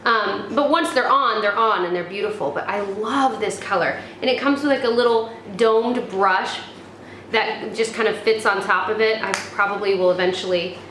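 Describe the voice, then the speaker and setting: A young American woman with a medium-pitched, slightly bright voice chats casually while reviewing beauty products for her vlog. Her delivery rambles, packed with fillers and restarts, and the recording has room echo and faint background noise.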